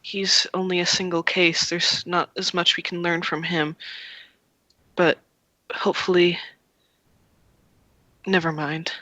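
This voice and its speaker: The game master of a streamed tabletop game voicing a scheming, cold male lab director who speaks in a measured, faltering way. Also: medium pitch, level tone, sharp tone, no echo, poor audio. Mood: evasive. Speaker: villain voiced by game master. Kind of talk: voiced role-play in a live-streamed tabletop game.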